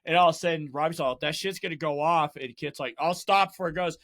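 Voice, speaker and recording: Male podcast host, high bright voice, casual profane storyteller. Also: fast. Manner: profane storytelling, acting out friends' lines; laughs often while telling stories. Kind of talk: casual chat.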